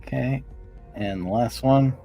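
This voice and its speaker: A man playing a tabletop game on a stream, unhurried and hesitant, with many fillers. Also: mid-range voice, vocal fry, muffled recording, faint music behind. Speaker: player.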